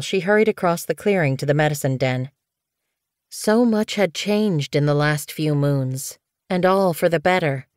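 A woman narrating an audiobook in a calm, even storytelling manner. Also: sits low, clean tone, dry recording, clean studio sound. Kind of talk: scripted narration.

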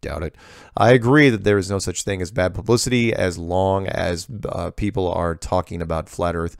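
A man's voice: low-pitched, steady tone, moderate pace, vocal fry, no echo, studio quality. A man hosting a show, reading viewer emails aloud and answering them in a casual, digressive way, often breaking off to comment.

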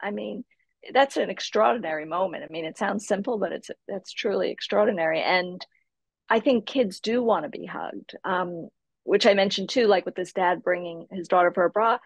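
A woman psychotherapist, a guest on a podcast, calmly explaining parenting in a reflective way. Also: mid-range voice, normal speed, gravelly, husky, no room sound, highs cut off. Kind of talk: casual podcast interview.

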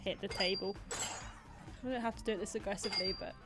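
A woman's voice: mid-range voice, fairly even intonation, fast talker, music in the background. A young woman hosting a live stream, chatting playfully through gameplay commentary and teasing the game.

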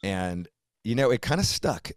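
Middle-aged male host, very deep dry voice, profane and animated. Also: unhurried, no room sound. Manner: profane, animated, mimics people in put-on voices. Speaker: podcast host. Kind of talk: casual conversation.

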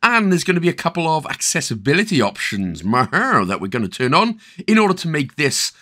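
A Welsh man narrates a game achievement walkthrough, his voice sitting a little high and swinging widely in pitch. He keeps dropping playful, jokey asides between instructions. He sounds like a regular gaming host talking straight to his viewers. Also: sing-song, fairly quick, sharp tone.

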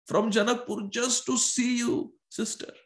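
A tearful, eager little boy, eight years old, calls out in a high, raised voice and repeats his words as he pleads, as a man puts him on. The voice rings in a roomy, echoey space. A gravelly edge shows through. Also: fairly even intonation, a little slow.

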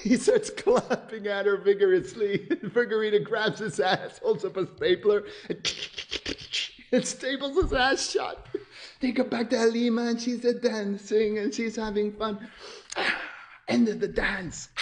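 A man excitedly narrating his cartoon idea, laughing through it and acting out sound effects and cries. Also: sits high, normal speed. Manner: keeps laughing at his own story. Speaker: animator pitching a cartoon. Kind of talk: excited story pitch narration.

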